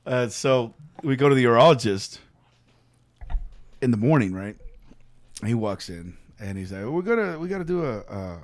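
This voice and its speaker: A man's voice: mid-range voice, moderate pace, pauses often, no echo. Guy telling a wild story on a podcast, cussing nonstop, voice jumping all over. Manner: profane, animated, acts out quotes. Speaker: podcast co-host. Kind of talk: casual storytelling.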